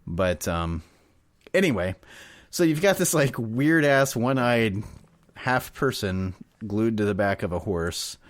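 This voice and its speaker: A man's voice: on the low side, expressive, takes it slowly, no echo. Rambling laughing podcast man, dry mic. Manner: rambling, laughs often, trails off. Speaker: podcast co-host. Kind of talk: casual chat.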